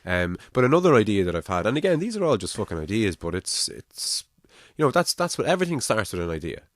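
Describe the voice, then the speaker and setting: A man with a Navan Irish accent hosting a casual podcast chat, thinking out loud and swearing freely. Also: lowish voice, sing-song, fast, dry recording, studio quality. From Ireland. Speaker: podcast host.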